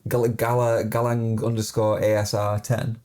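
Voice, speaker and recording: A man's voice: on the low side, flat delivery, moderate pace, warm tone. A man co-hosting a podcast, chatty and rambling, amused as he talks. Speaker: podcast co-host. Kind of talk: casual podcast chat.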